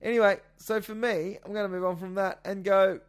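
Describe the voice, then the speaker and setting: High-voiced, excitable man. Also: fairly quick, clear, resonant tone. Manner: excitable, swearing, bursts into shouts. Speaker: podcast co-host. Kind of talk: casual sports chat.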